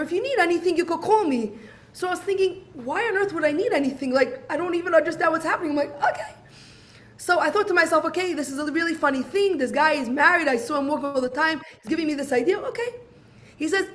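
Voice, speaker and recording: A woman, telling a personal story and acting out conversations. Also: very high voice. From Brooklyn, USA. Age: 40s. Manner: animated, acts out dialogue, many "I'm like"s. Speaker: speaker sharing her story.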